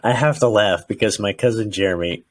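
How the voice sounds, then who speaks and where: A man with a fairly low voice talks football with a co-host in a relaxed podcast chat. He gets animated and slips into mock voices of frustrated fans. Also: a little fast, a little hiss or hum. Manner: animated, acts out fans' rants in quoted voices. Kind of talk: casual sports chat.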